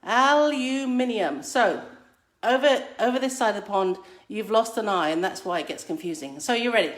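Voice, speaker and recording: A chatty Englishwoman with an English accent talks casually to viewers at home, slipping into a playful, teacherly tone. Her voice sits at a middle pitch. She films on a phone held at arm's length in a room with plenty of echo. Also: brisk. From England. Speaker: vlogger. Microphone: phone camera held at arm's length. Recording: echoey room.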